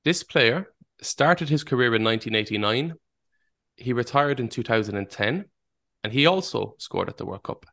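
A man's voice: medium pitch, fairly bright tone. A man hosting a casual football quiz podcast, reading out clues and laughing easily. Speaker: quiz host.

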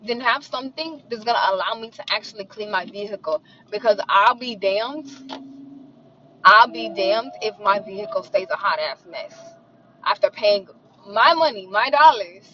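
A woman's voice: mid-range voice, moderate pace, muffled recording, a little hiss or hum. Profane, indignant woman venting in a car. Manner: profane, animated and indignant, mutters affirmations softly. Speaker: vlogger ranting to camera. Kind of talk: casual venting monologue.

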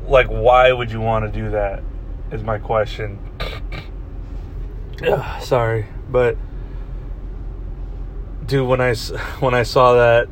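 A man's voice: medium pitch, little pitch movement, takes it slowly, long pauses. A young man rambles through a story as a casual podcast host, swearing freely and stumbling over restarts. He talks from inside a parked vehicle, with a faint hum of ambient noise behind him. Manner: rambling and profane, many restarts.

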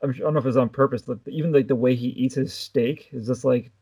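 Gravelly raspy guy cohosting a movie podcast, laid back, dry jokes. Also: mid-range voice, fast. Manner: relaxed, wry asides. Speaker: podcast co-host. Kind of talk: casual film discussion.

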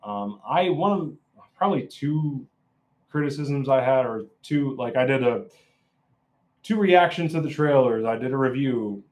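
A man's voice: medium pitch, lively intonation, a little slow. A man giving a casual, opinionated film review, rambling and often restarting his sentences.

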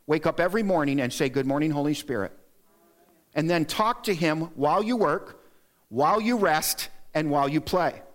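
A middle-aged male pastor giving an earnest, exhorting sermon in a church, lifting his voice to stress his points. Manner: earnest and exhorting, lists points, rises in pitch to stress them. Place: church sanctuary.

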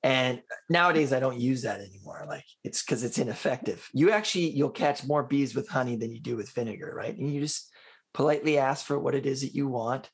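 A man in a casual conversation, telling animated personal anecdotes and acting out the quotes. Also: mid-range voice, a little fast, husky. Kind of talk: casual storytelling chat.

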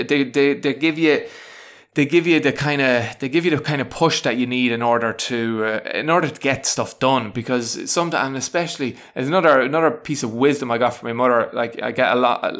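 A teacher casually shares his personal self-help tips in a mid-range, fairly bright voice. His spoken advice monologue rambles, with many restarts and fillers, and he comes across as frank, chatty, and self-deprecating.

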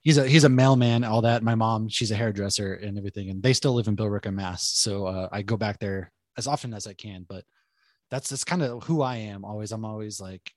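A man's voice: on the low side, brisk, a little mellow, dry recording, clean studio sound. A man in his thirties with a Boston accent, a guest telling his story in casual podcast chat, loose and profane, often laughing. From Boston area, USA. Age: 30s. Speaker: podcast guest, military service member.

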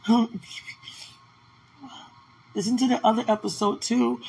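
A woman's voice: lowish voice, moderate pace, slight background noise, poor audio. Weepy woman moaning fervent prayers. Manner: fervent and overwhelmed, moaning, repeated cries to God. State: weepy, intermittently crying. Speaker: vlogger sharing a spiritual experience. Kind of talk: emotional spontaneous monologue. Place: at home in an apartment.

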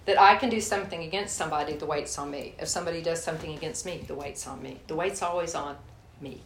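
Woman preaching casual and candid, kinda low voice, roomy echo. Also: fast. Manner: folksy, candid, addresses listeners as y'all. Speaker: speaker teaching a church group. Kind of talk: sermon with personal story. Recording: echoey room, faint hiss.

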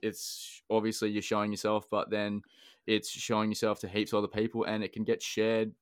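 A man hosts a podcast in a laid-back, teasing way, with casual swearing. His voice sits fairly low and sounds dry and close, with almost no room echo. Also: monotone, fairly quick, clear, resonant tone. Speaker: podcast host.

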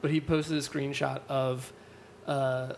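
A man co-hosting a podcast in casual chat, animated, laughing often and swearing casually. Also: medium pitch, slow pace, vocal fry, a little hiss or hum. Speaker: podcast co-host.

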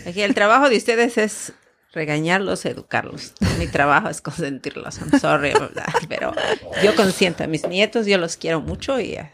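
A woman's voice: on the low side, lively intonation, a little fast, fairly bright tone, a little hiss or hum. An older Mexican grandmother speaking with a Mexican accent, chatting affectionately and laughing, mixing Spanish and English. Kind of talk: casual chat.

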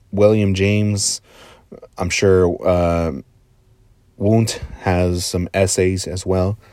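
A man giving a casual motivational monologue, earnest and rambling, drifting into quiet asides and casual swearing. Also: sits low, no echo, clean studio sound. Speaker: motivational speaker.

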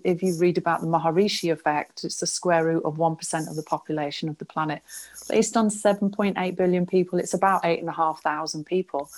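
A woman in a casual conversation, talking as a spiritual healer, earnest and explaining with frequent restarts. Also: lowish voice.

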